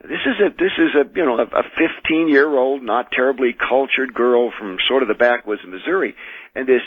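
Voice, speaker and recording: An American man speaks as a radio interview guest over a tinny phone line. His voice is slightly husky and dry, and he tells his stories earnestly, restarting phrases as he goes. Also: medium pitch, no room sound. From United States. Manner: measured, earnest storytelling with frequent restarts. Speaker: exorcist and minister, radio guest. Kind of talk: radio call-in interview, recounting experiences. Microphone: telephone.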